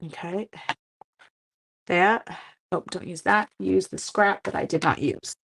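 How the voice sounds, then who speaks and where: A woman from Canada, slightly hoarse with a cracking voice, chatting casually and teasing herself as she hosts a papercraft live stream for her viewers. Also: lowish voice, slow pace, fairly bright tone, a little hiss or hum. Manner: chatty, self-mocking, talks to viewers while working. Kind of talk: casual live-stream chat while crafting.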